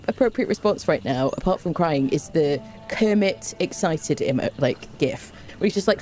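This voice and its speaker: A woman's voice: on the low side, warm tone. A woman chatting on a live stream from home into a desk microphone, bubbly and overexcited, rambling eagerly to her viewers. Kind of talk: casual live stream chat.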